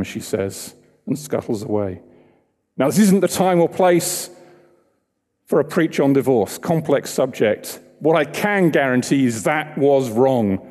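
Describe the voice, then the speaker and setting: A man's voice: mid-range voice, lively intonation, measured pace, a little mellow, long reverb tail. A man preaching a sermon in a church, talking conversationally and asking the congregation questions.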